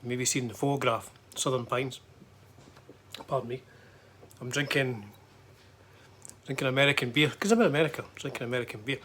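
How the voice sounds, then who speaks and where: A man's voice: mid-range voice, fairly quick, pauses often, a bit bright, slight background noise. A middle-aged man with a Scottish accent, chatting casually about a trip, rambling with lots of fillers and restarts. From Scotland. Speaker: guitar vlogger. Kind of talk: casual travel chat.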